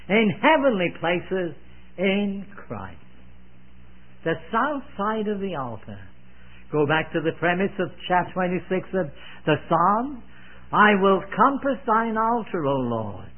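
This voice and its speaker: A man's voice: high voice, sing-song, measured pace. Older man preaching fervently, tinny sound. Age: 80s. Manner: fervent preaching with dramatic emphasis. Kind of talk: sermon.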